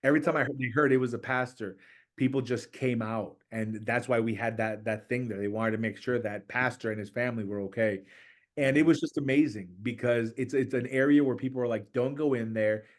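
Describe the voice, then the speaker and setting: A middle-aged man, a church planter and podcast guest, telling stories in conversation and acting out quoted voices with a rising pitch. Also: brisk. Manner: animated, acts out quoted voices with raised pitch. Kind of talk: storytelling in conversation.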